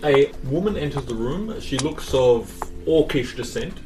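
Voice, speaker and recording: A man's voice: medium pitch, expressive, unhurried, a little mellow. Game master man, far from the mic. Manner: casual, laughs at his own descriptions. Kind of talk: narrating a tabletop game. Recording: roomy, distant mic.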